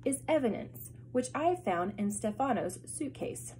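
A woman reading a calm, clever girl who speaks in a composed way. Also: a little high, measured pace, a little hiss or hum, pitched above the performer's own voice.

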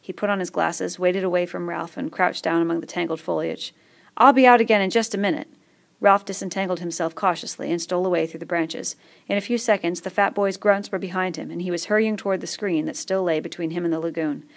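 A woman with a low voice and a gravelly creak narrates a novel aloud. Her storytelling is steady and measured, paced for listening. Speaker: audiobook reader. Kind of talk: scripted narration.

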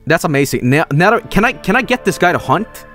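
A young man streaming a video game, excitable and swearing, often yelling at the characters on screen. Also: a little high, fairly quick, soft background music. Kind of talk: gaming livestream commentary.

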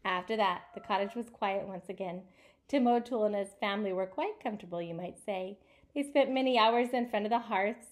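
A woman reading a picture book aloud to children, asking them questions as she goes. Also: mid-range voice. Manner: asks listeners questions, animated.

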